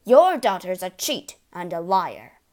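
A woman reading a storybook aloud, voicing a boastful, bullying middle-aged father who shouts. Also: medium pitch, expressive, unhurried, lightly acted. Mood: angry shouting.

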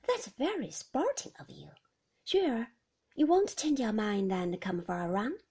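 A woman reading the lines of a teasing, flirtatious man in a story, speaking loudly. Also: on the high side, very animated, measured pace, breathy edge, heavily acted. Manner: teasing and loud. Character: cheeky, flirtatious man in sports car.

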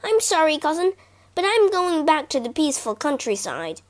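A woman voicing a timid, homely male country mouse in a storybook, squeaky and fretful. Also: sing-song, normal speed.

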